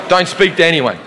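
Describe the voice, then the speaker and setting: Brash Australian comedian, echoing hall. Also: male voice, fairly high pitch, pushed and bright. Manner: brash, swearing, quick storytelling. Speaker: stand-up comedian. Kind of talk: stand-up storytelling. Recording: echoey venue hall, background noise.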